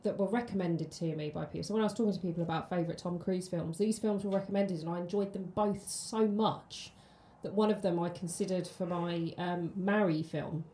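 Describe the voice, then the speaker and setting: Woman, podcast co-host, mellow lowish voice, echoey room. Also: fairly even intonation, a little fast, hardly any pauses. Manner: chatty, many ums and restarts. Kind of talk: casual film chat. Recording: roomy echo.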